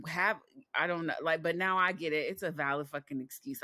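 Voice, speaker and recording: A podcast co-host in their forties chatting casually, sassy and profane, often breaking into loud laughter. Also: medium pitch, fairly quick, dry recording, studio quality. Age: 40s. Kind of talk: casual chat.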